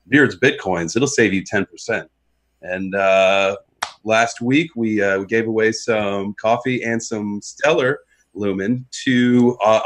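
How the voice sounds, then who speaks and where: A man co-hosting a casual podcast chat in a laid-back, friendly way. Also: lowish voice. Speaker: podcast co-host.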